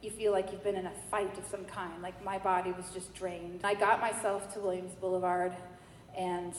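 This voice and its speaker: A woman from New York giving a personal faith testimony, telling her story in a lively way and acting out the dialogue. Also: fairly low pitch, moderate pace. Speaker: church member giving testimony. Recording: echoey hall with faint noise.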